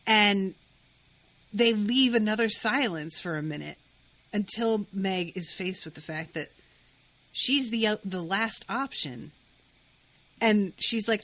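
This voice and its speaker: A woman's voice: mid-range voice, slow pace, pauses often. A woman co-hosting a podcast, chatting casually about a book and acting out quoted lines as she retells scenes. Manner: animated, acts out quoted lines while retelling. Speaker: podcast co-host.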